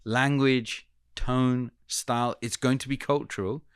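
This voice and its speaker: A man with a British accent, a communication coach explaining points in a measured, coaching way during an interview. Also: medium pitch, fairly even intonation, clear, resonant tone, no echo, clean studio sound. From United Kingdom. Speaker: communication coach, podcast guest. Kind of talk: casual interview chat.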